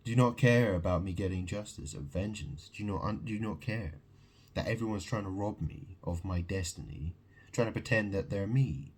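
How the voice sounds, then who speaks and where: A man's voice: low voice, normal speed, slightly rough. A man delivering a rambling, agitated monologue to camera, preaching and repeating questions at the listener. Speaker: video monologue host.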